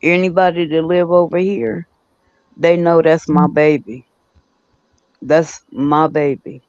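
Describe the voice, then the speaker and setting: A man's voice: fairly high pitch, fairly even intonation, slow, a little mellow, no echo. Emphatic man telling stories, dry lo-fi sound. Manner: laughs easily, talks in emphatic, repeating phrases. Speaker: podcast co-host. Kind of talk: casual storytelling chat. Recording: dull, dry lo-fi recording.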